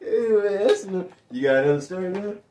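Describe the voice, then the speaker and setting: A young man telling stories in casual chat as a vlog co-host. He laughs often and drops his voice low when he quotes people. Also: lively intonation, fast talker, darkish tone, recorded from a distance, a little hiss or hum. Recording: echoey room, off mic.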